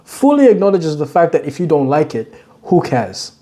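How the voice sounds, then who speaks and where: A young man reacting to news clips in a loose, joking way, full of slang and teasing asides. His voice sits a little high but has a mellow, dark tone that stays relaxed even when he laughs. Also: moderate pace. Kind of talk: casual reaction commentary.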